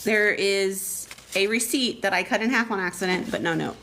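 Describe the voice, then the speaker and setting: A woman librarian chatting casually as she unboxes packages on a live stream, reading notes aloud with excited bursts. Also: medium pitch, normal speed, slight background noise. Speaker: school librarian.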